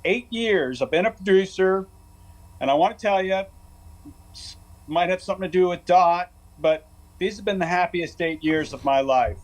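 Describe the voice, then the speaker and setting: A man's voice: sits high, normal speed, poor audio. A man, the show's producer, gushing with earnest-sounding praise in comic banter. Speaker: show producer.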